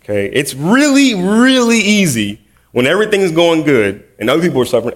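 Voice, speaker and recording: A man's voice: fairly high pitch, very animated, fairly quick. A man preaching a casual, conversational sermon with humorous, self-deprecating storytelling. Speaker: preacher, middle school teacher.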